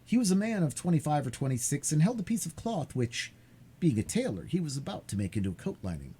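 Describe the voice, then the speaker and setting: A man streaming live, reading a classic novel aloud in an expressive way with occasional stumbles. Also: fairly high pitch, fast talker, breathy edge. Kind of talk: live read-aloud narration. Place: home streaming setup.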